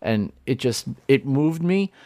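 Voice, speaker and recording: A man hosting a podcast in casual chat, animated and rambling with restarts. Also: medium pitch, slow, no echo, studio quality. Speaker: podcast host.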